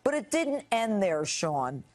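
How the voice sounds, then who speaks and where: A woman's voice: medium pitch, very animated, slow. A middle-aged woman, a guest on a TV interview, telling her story in an emphatic, indignant way.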